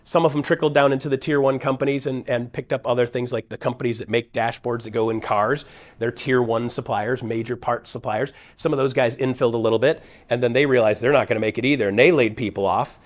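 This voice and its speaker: A middle-aged man of ordinary pitch tells a long personal story to an audience. He keeps it energetic and casual, jumping into other voices whenever he quotes someone. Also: fast. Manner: energetic, acts out quoted dialogue with shifting voices. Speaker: guest speaker at a real estate event.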